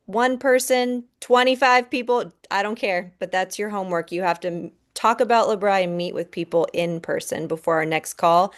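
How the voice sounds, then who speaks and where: A woman's voice: mid-range voice, moderate pace, hardly any pauses. Encouraging woman coaching her team. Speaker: team leader hosting a video call. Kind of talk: motivational team call. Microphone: video call.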